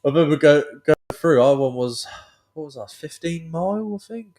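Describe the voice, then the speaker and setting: A man's voice: on the high side, lively intonation, moderate pace, crowd noise. A man, a podcast guest, telling stories in casual chat and swearing often. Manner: storytelling, swearing, laughing along.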